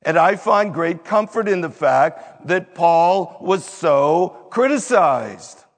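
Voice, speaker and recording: A man preaching a sermon, teaching slowly and deliberately with strong emphasis on key words. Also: a little high, lively intonation, long reverb tail. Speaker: pastor.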